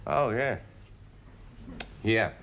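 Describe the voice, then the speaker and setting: Henpecked husband, stammering and sheepish, lively pitch, noisy TV audio. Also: male voice, very slow, exaggerated voice. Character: bumbling middle-aged husband, henpecked. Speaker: sitcom husband. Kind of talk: 1970s studio sitcom acting. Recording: noisy TV soundtrack.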